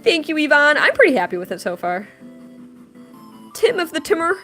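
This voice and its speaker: A young woman with a fairly high voice chats casually to her livestream viewers. She reads chat aloud, laughs often and tells stories animatedly. Soft music plays faintly behind her. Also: normal speed. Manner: animated storytelling with big pitch jumps in quotes. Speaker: livestream host and artist.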